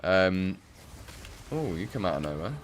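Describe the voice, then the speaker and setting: A man's voice: low-pitched, big pitch swings, measured pace, slight background noise. A young English man from the Midlands chatting casually and rambling with many fillers while he plays a game on stream. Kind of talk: casual chat while playing.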